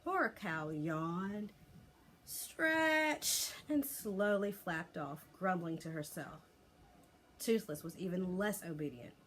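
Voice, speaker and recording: A woman reading a children's chapter book aloud as a teacher, in an expressive, lively storytelling voice. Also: lowish voice, slow, a little hiss or hum.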